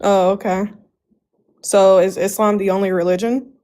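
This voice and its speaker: A woman calling into a live stream, curt and defensive, firing sharp questions back. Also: mid-range voice, flat delivery, moderate pace. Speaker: caller. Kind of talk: defensive argument on a live call.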